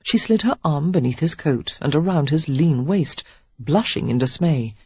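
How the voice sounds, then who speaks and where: A woman reads a novel aloud with a lively, expressive pitch and a husky, breathy grain. The sound is dry and close, with a slightly dull, muffled top end. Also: normal speed, no room sound. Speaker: audiobook narrator. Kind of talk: scripted narration of a romance novel.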